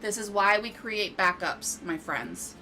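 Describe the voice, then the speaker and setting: A woman at a desk mic, talking slowly over her game in a bright, forward voice. She gets exasperated and swears freely, then coos at her cat. A faint background hum sits under her voice. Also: mid-range voice, expressive. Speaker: gaming streamer. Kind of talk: casual gameplay commentary. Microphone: desk microphone.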